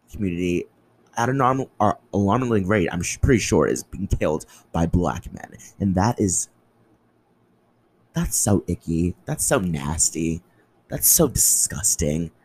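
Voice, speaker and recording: A man's voice: sits low, darkish tone, husky, rough recording. A young man hosting a solo podcast, ranting in an impassioned, angry way with lots of swearing. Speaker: podcast host.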